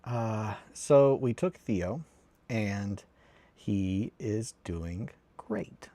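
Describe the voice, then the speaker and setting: A young Englishman with a southern English accent talks loosely and profanely to his stream chat, wandering from story to story. His voice sits a little low, and the sound is dry and close with no room around it. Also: drawn-out words, no echo. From England. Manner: rambling, profane, animated storyteller. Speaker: streamer hosting a hobby stream. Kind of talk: casual live-stream chat.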